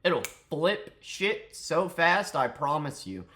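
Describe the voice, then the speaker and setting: A man's voice: on the high side, very animated, slow, bright, forceful tone. A man ranting angrily in a commentary vlog, profane and mocking. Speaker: commentary vlogger.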